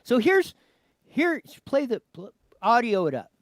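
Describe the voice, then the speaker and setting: A man's voice: very high voice, unhurried, dry recording. A man hosting a news show, commenting on a clip and giving cues to his producer. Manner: animated, talks to his producer, many restarts.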